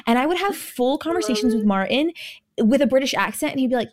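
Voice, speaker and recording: A woman's voice: fairly high pitch, lively intonation, quick pace. A young woman, a podcast guest, chatting casually in a bubbly, rambling way with frequent giggles. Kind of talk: casual chat.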